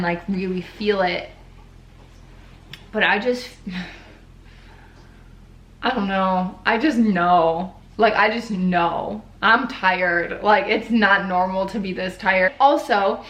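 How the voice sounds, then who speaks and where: A woman's voice: medium pitch, fairly bright tone, reverberant. A young woman talking casually in a video diary, chatty and tired, filling her talk with "like". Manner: chatty, heavy use of "like", tired. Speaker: vlogger.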